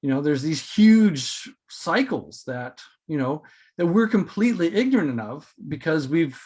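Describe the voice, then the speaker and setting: A man with a slightly high voice hosts a spiritual podcast in loose, casual talk. He rambles and circles back, full of fillers and restarts. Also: very animated, a little slow, darkish tone, husky. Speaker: podcast host.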